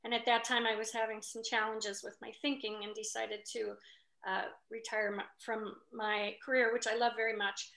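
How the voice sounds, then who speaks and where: A woman's voice: a little high, flat delivery, moderate pace, sharp tone. A woman of about fifty, a retired nurse, introducing herself on a panel, friendly and earnest with slight hesitations. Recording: echoey room.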